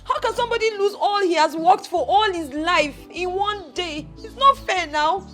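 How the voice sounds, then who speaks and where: High-voiced young Nigerian woman, emotional and insistent. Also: moderate pace, over music. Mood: distraught. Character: distraught young woman, grieving fiancé's loss. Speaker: daughter.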